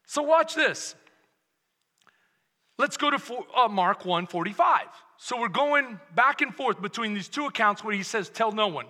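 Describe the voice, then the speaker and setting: A male pastor from Texas preaching a sermon, moving from soft, intimate passages to loud, shouted passion. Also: sits high. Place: church sanctuary. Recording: long hall reverb.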